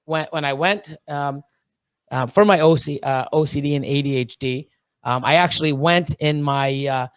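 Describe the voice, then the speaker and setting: Excitable, swearing man with a high voice. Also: normal speed, clean tone, no echo. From Canada. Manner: excitable, swears a lot, rambling with many fillers and restarts. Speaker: podcast guest. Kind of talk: casual chat.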